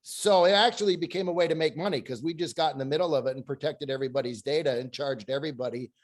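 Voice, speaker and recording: A man on a webinar panel, telling anecdotes in an animated way over a video call. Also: on the high side, fast. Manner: animated storyteller. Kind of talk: panel discussion.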